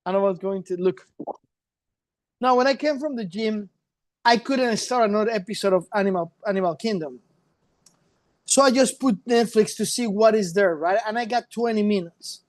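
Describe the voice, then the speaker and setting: A man's voice: sits high, moderate pace, long pauses, dry recording. Male podcast co-host, loose rambling chat, dry close mic. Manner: loose, rambling, playful, switches into Spanish. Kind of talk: casual chat.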